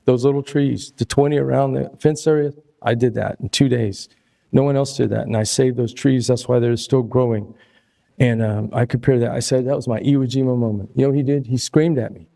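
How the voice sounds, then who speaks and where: Older male resident at public comment, gravelly, dark-toned, rambling and aggrieved, at a podium mic in a city hall chamber. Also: mid-range voice, steady tone, fairly quick. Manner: rambling and aggrieved, loses his place.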